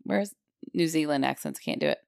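A middle-aged woman co-hosting a podcast, with a gravelly, fairly low voice. She chats casually, laughs a lot and jumps in with quick reactions. The sound is dry and close. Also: huge pitch swings, a little mellow, no room sound. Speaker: podcast co-host. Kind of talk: casual chat.

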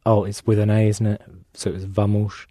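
Hesitant man with a flat low voice. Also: normal speed, no room sound, clean studio sound. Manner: hesitant, unsure. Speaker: language student. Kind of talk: answering in a lesson.

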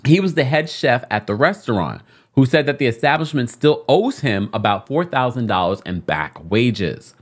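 A woman from England with a London accent and a low, rumbling voice co-hosts a podcast at a moderate pace. She reads a news report aloud but keeps breaking off to react in an animated way.

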